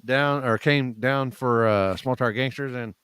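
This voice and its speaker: A man's voice: medium pitch, measured pace, a bit bright, clear, resonant tone, no echo, studio quality. A man co-hosting a podcast in casual chat, with folksy, drawling talk. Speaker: podcast co-host.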